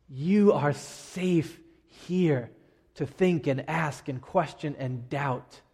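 A middle-aged man preaching a sermon as pastor, emphatic, with dramatic pauses and swings from loud to hushed. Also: fairly high pitch, breathy edge. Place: church sanctuary. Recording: long reverb of a large hall.

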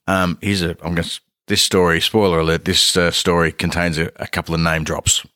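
A man's voice: sits low, fairly quick, no echo, studio quality. Australian man telling a rambling story. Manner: rambling, animated quoting of others. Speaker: podcast co-host. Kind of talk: casual comedic storytelling.

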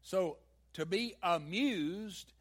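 A man's voice: high-pitched, drawn-out words. A man with a Southern US accent preaching a sermon, mixing folksy stories with emphatic peaks. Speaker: pastor.

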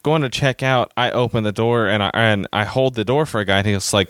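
A man's voice: lowish voice, brisk, hardly any pauses, a bit bright, dry recording, clean studio sound. A man telling rambling, self-mocking travel stories in a casual chat, acting out the people he quotes.

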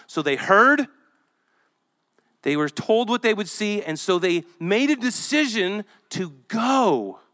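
High, bright-voiced male pastor preaching. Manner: animated, conversational preaching with scripture reading. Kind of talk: sermon. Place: church with children present.

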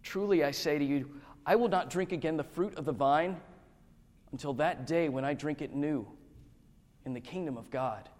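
A man's voice: fairly high pitch, a little mellow, lightly acted. A man reading as a solemn, sorrowful teacher. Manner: slow, grave and deliberate. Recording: long hall reverb.

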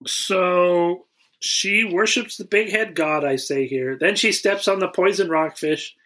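A man co-hosting a podcast, recapping a movie plot in casual chat with a wry, deadpan humor. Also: high voice, a little slow. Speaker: podcast co-host.

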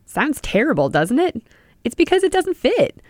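Lively, dry-voiced woman teaching music. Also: sits high, moderate pace, dry recording. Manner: clear, explanatory, addressing the listener directly. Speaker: podcast host and music teacher. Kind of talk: scripted educational narration.

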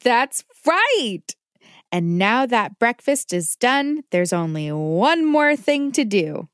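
A woman's voice: on the high side, very animated, slow pace, a bit bright, dry recording, studio quality, full character voice. A woman voicing a patient, caring mother who teaches her child kitchen safety. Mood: warm. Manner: patient and instructive. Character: gentle, safety-minded mother.

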